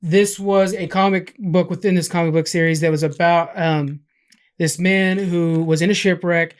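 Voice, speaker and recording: Casual male podcast host, chatty recap, filler-heavy and excitable. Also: sits high, normal speed. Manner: rambling recap with many fillers and restarts; excited, gushing. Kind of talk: casual chat.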